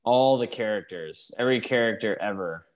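A man's voice: on the low side, moderate pace. Easygoing man laughing through wrestling banter. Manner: laid-back, laughing, profane banter. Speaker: podcast co-host. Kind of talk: casual wrestling watchalong chat.

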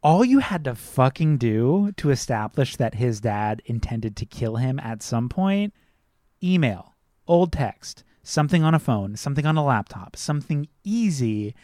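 A man's voice: medium pitch, big pitch swings, measured pace, dark tone, no room sound, studio quality. Ranting man on a film podcast. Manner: heated, ranting, swears freely. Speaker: podcast co-host. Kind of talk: casual film review chat.

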